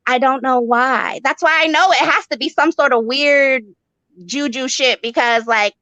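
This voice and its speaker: A woman's voice: high voice, moderate pace, pushed and bright, dry recording, highs cut off. A young woman doing a stand-up set, profane, rambling and brash. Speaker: stand-up comic.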